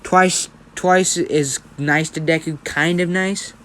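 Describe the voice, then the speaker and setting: A man's voice: a little high, steady tone, takes it slowly, fairly bright tone, a little hiss or hum. A young man telling a story casually, rambling and often checking in with right?. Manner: rambling, keeps asking right?.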